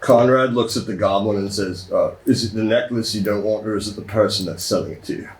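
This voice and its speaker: A man's voice: fairly low pitch, fairly quick, roomy sound, rough recording. A man playing a tabletop game, plainly describing what his character does. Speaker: player. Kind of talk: tabletop role-play.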